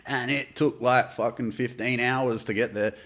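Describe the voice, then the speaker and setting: A man's voice: medium pitch, steady tone, moderate pace, fairly bright tone. An Australian man from Adelaide, a podcast guest telling a long story in a loose, rambling way, full of swearing and filler words. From Adelaide, South Australia. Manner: rambling, heavy swearing, lots of "like" and "dude". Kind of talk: casual storytelling chat.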